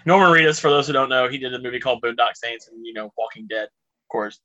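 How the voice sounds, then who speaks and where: A man's voice: mid-range voice, quick pace, sharp tone. A man co-hosting a podcast, chatting casually and joking often with the others. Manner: joking, laughs a lot. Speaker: podcast co-host. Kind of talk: casual chat. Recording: dull lo-fi sound.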